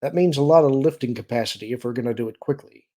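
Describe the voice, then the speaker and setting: A man's voice: medium pitch, quick pace, mellow, close to an everyday voice. Shrewd smuggler chief, voiced by a male reader: calculating, persuasive, some grit in the voice.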